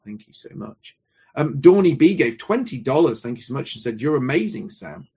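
A man's voice: mid-range voice, very animated, normal speed, darkish tone, slightly rough. A man hosting a show, politely reading out viewer donations and messages. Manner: polite, courteous. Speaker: host. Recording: muffled lo-fi audio.

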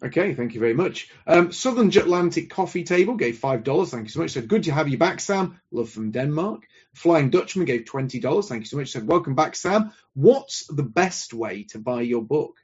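A man's voice: on the high side, lively intonation, normal speed, a little mellow, husky. A man hosting a show, politely reading out viewer donations and messages. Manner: polite, courteous. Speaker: host. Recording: muffled lo-fi audio.

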